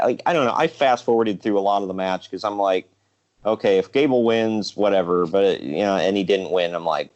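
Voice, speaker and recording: Low-voiced man ranting on a podcast. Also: expressive, moderate pace, darkish tone, muffled recording. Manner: ranting, jokey, quotes people in mocking voices. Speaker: podcast co-host. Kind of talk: casual wrestling podcast chat.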